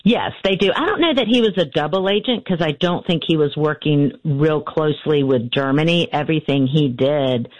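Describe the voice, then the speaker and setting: A woman, a guest in an interview, telling a family story in a halting way with fillers and restarts. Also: deep voice, no room sound, low-quality recording. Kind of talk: storytelling in conversation.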